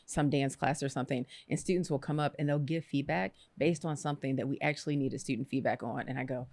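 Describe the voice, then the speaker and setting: A woman co-hosting a podcast, telling everyday stories in a lively, chatty way. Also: a bass voice, no echo. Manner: lively storyteller, quick asides. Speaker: podcast co-host. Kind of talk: casual conversation.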